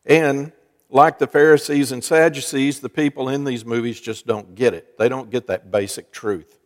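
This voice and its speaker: A man's voice: mid-range voice, steady tone, normal speed. A man, a pastor, giving a sermon in a chatty, storytelling way. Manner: conversational storytelling preacher. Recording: long church reverb.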